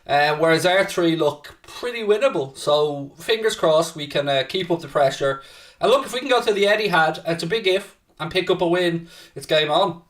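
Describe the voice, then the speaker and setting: On a casual football watchalong stream, this man chats to viewers and reads their messages out, swearing freely whenever he gets heated. He speaks at a moderate pace in a slightly high, fairly bright voice, recorded from a distance.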